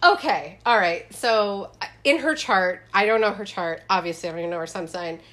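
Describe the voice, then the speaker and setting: A woman's voice: mid-range voice, a little fast, a bit bright. A woman co-hosting a podcast in casual chat, talking emphatically and swearing freely. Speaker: podcast co-host.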